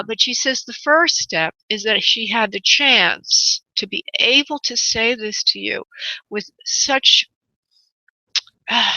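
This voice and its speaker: A woman hosting a radio psychic reading, speaking in a gentle, halting, soothing way. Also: medium pitch, no echo, highs cut off. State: choked up. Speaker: psychic medium radio host.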